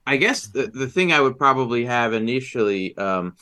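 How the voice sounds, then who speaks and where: A man playing a tabletop role-playing game, recounting his character's memories in a halting, searching first-person way. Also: medium pitch, animated, bright, forceful tone. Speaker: player.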